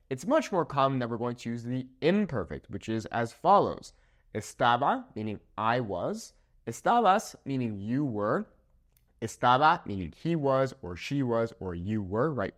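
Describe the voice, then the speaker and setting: A man teaches at a whiteboard with a lively, bouncing delivery that rises and falls as he stresses each point. His pitch sits in an ordinary middle range. He walks through the rules step by step and keeps asking "okay?" to check in with his viewers. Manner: animated, checks in with "okay?" often. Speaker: Spanish teacher. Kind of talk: whiteboard grammar lesson. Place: room with a whiteboard.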